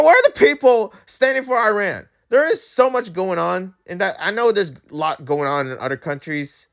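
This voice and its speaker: A man's voice: fairly high pitch, a bit bright. A man hosting his own channel, talking through the news in a candid, rambling way, blunt with his opinions and often restarting his sentences. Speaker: YouTube channel host. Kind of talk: casual news commentary.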